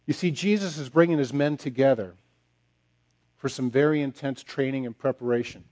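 Mellow-voiced man preaching a sermon. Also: medium pitch, normal speed. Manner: emphatic, repeats phrases and drops to a quiet close. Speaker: pastor.

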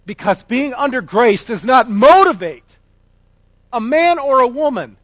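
A man preaching a sermon, emphatic, moving between loud declarations and quiet asides. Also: very high-pitched, expressive, unhurried, no room sound. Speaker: pastor.

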